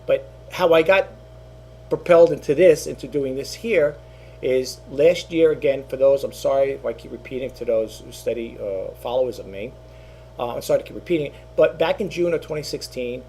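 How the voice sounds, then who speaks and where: A man's voice: mid-range voice, moderate pace, dark tone, a little hiss or hum. A middle-aged man talking casually to his channel as an online reseller, rambling and repeating himself, with lots of fillers. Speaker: eBay reseller and YouTuber. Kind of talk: casual talking-head monologue.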